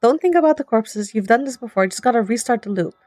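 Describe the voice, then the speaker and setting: A woman's voice: a little high, expressive, a little mellow, no room sound, faint music behind, lightly acted. A woman voicing a young student hero in a visual novel, worried and sarcastic, close to her own voice. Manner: sarcastic, quick-thinking, worried. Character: young time-looping student hero, anxious but defiant.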